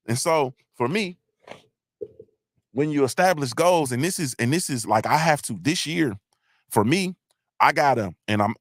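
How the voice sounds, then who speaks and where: A man's voice: fairly high pitch, no room sound, clean studio sound. A man hosting a live morning show, talking in a casual, motivational way. He is blunt and emphatic, curses freely, and keeps checking in with his listeners. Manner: emphatic, repetitive, often asks "you feel me?"; blunt, uses profanity. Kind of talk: casual motivational livestream talk.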